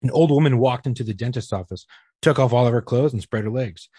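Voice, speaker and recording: Husky man firing off quick one-liners. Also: medium pitch, dark tone, dry recording. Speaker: podcast co-host. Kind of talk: casual joke-telling chat.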